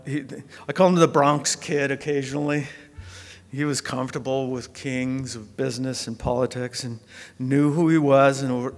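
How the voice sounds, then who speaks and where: A man giving an earnest, heartfelt memorial speech. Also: mid-range voice. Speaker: eulogy speaker. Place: large hall. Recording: long hall reverb.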